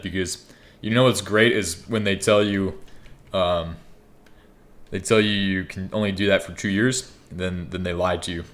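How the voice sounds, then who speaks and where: Rambling young man, lowish voice, gaming chat. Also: fairly bright tone. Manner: rambling, joking, swears freely. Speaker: gaming YouTuber. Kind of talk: casual gameplay commentary.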